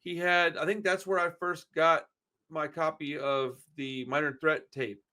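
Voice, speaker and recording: A podcast host in his 40s speaks in a fairly high, bright, forceful voice that barely moves in pitch and never hurries. He tells long, meandering stories in casual conversation, swearing freely and saying "dude" constantly.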